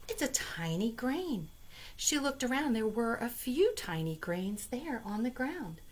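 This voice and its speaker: Slow, gentle woman librarian reading aloud. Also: medium pitch, very animated. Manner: gentle, slow and sing-song, speaking to young children. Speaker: children's librarian. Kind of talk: storytime reading for children.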